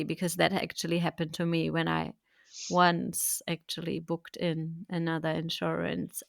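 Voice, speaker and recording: German-accented woman hosting, gravelly and slow. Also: fairly low pitch, fairly bright tone, no room sound, studio quality. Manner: chatty, thanking, laughs easily. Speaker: podcast host. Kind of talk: casual interview chat.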